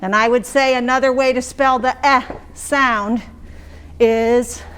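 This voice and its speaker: Speaking slowly in a fairly bright, smooth, high-leaning voice with fairly even intonation, a woman who trains teachers walks them through how she'd mark phonics skills in a lesson. She keeps it conversational and checks in with her listeners as she explains this classroom phonics practice.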